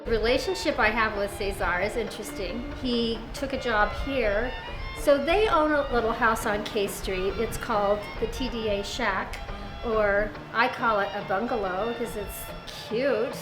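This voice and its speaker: A woman's voice: a little high, unhurried. An older woman speaking in a documentary interview with wry, chatty humor. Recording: echoey room with music underneath.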